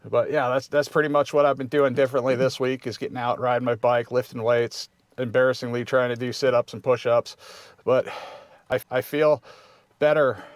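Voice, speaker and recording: A man's voice: mid-range voice, little pitch movement, normal speed, dry recording. 50ish guy vlogging, laid back, rambles, lots of uhs. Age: 50s. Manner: rambling, easygoing, many fillers and restarts. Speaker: vlog host. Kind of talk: casual vlog chat.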